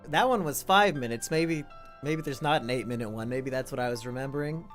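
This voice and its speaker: A man's voice: mid-range voice, brisk, fairly bright tone, soft background music. Offhand male streamer, dry reactions. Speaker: streamer host. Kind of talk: casual stream commentary.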